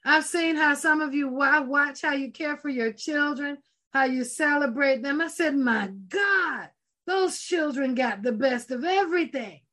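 A woman preaching a sermon in a high, bright voice, fervent and emphatic. She talks slowly and deliberately, leaning on repeated phrases and exclamations.

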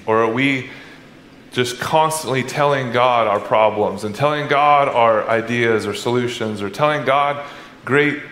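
Pastor guy preaching, lively, does little voices for folks, kinda high voice, echoey room w faint hiss. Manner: animated, acts out congregants' voices. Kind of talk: sermon. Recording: echoey church hall, faint background noise.

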